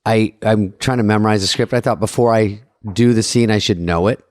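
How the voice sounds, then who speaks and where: A man's voice: brisk, darkish tone, no echo, studio quality. A man co-hosting a podcast, telling a rambling story and acting out quotes in bursts. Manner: rambling storyteller, acts out quotes with jumpy pitch. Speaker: co-host. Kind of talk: casual podcast chat.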